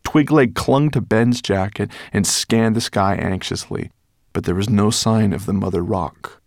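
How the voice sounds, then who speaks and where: A man's voice: lowish voice, unhurried, creaky, no room sound, studio quality. A man narrating a children's adventure audiobook in a dramatic storytelling manner. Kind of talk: scripted narration.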